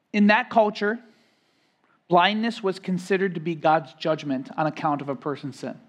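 A man giving a sermon as pastor, preaching emphatically, rising and louder on key phrases, then dropping soft, and often repeating words as he builds a point. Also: high-pitched.

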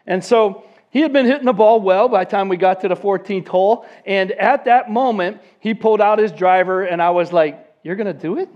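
A man's voice: sits high, a little fast, few pauses, highs cut off. A man in his fifties telling a long story in a sermon and acting out the people in it.

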